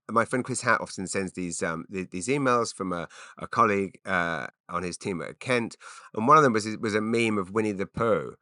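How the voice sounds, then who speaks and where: Rambling, bright-voiced man, dry close sound. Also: medium pitch, no room sound. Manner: rambling, self-interrupting, frequent stammered restarts. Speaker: podcast host. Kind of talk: rambling solo podcast monologue.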